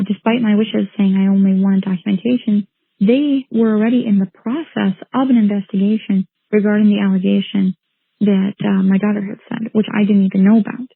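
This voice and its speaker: Husky-voiced mother on a tinny line. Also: mid-range voice, dry recording. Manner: earnest, indignant, with frequent restarts. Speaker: mother recounting her son's case. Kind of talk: emotional personal account.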